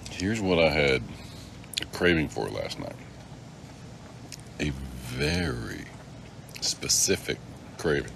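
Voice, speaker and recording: Middle-aged guy on a phone livestream, deep voice, bouncy and jokey, lots of noise behind him. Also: very animated, slow pace, creaky, pauses often, fairly bright tone. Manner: joking, rambling, greets viewers by name. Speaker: live-stream host. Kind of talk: casual live-stream chat.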